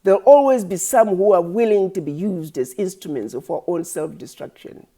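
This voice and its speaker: A woman's voice: fairly low pitch, normal speed, warm tone. A woman founder giving an impassioned address, scolding her critics with rhetorical questions and preacher-like repetition. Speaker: organization founder.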